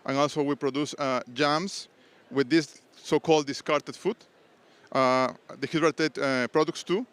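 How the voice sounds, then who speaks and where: A man from Peru, a startup founder giving a conference pitch with many hesitations and restarts. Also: fairly even intonation, a little slow, a bit bright, clean tone. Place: conference stage.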